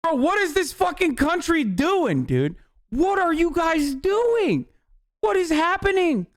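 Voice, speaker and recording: A man reacting to a video on a live stream, casual, profane and excitable. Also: very high voice, slow, no echo, clean studio sound.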